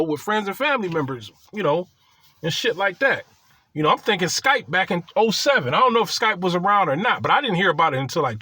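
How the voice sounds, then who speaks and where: A man's voice: on the high side, breathy edge, no echo. A man casually telling a crude, boastful personal story, swearing freely as he goes. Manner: profane, boastful and animated.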